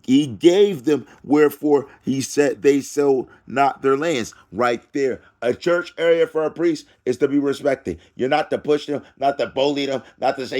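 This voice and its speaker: Man, ranting scripture reading, higher-pitched voice, loud taunting preacher, drawn-out verse lines. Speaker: self-styled preacher.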